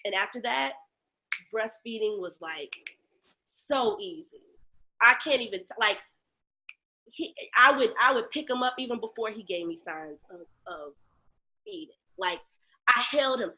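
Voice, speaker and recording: A woman, telling a personal story candidly in an interview, animated and acting out other people's voices, dropping low and quiet on painful memories. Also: unhurried, pauses often, muffled recording. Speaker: guest, lactation educator.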